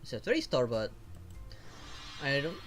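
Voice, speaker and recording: Lively chatty male game streamer. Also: medium pitch, measured pace, faint music behind. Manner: chatty, thinking aloud while pulling rewards. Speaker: VTuber streamer. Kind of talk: casual gameplay commentary.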